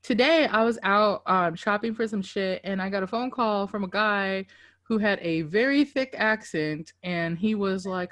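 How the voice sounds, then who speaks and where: A woman co-hosting a podcast, casual and loud, swearing freely and laughing through animated stories. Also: mid-range voice, moderate pace. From Dallas–Fort Worth area, Texas. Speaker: podcast co-host. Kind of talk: casual chat.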